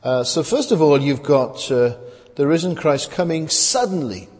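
Male preacher, lively pitch, conversational sermon, long hall echo. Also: moderate pace. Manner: conversational, rhetorical questions, frequent hesitations.

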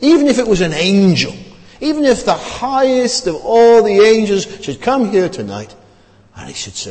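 A man's voice: high-pitched, big pitch swings, normal speed, a little mellow. Emphatic preacher man in a reverberant hall. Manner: emphatic, repeats phrases, rhetorical questions. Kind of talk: sermon.

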